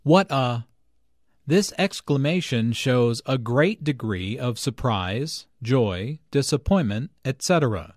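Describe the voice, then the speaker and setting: Slow, patient male teacher. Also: medium pitch, animated, no echo, clean studio sound. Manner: explains clearly and patiently. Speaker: English teacher. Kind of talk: scripted narration.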